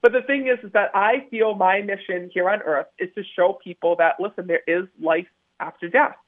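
Speaking at a moderate pace with no room sound, a man with a high-sitting voice tells stories eagerly as a phone-in guest. He's a psychic medium, heard over a tinny line, and he repeats words to drive points home.

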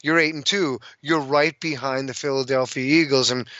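A man giving a casual, excitable sports recap, ranting with fillers and restarts. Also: mid-range voice, normal speed, dry recording, lo-fi sound. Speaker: sports commentator.

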